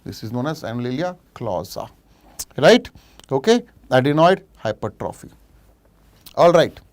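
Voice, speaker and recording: A middle-aged man with an Indian English accent and a medium-pitched, very animated voice teaches a live online revision lecture for a medical exam. He works through case questions, reads out and reacts to viewers' answers from the chat, and switches into Hindi for quick asides.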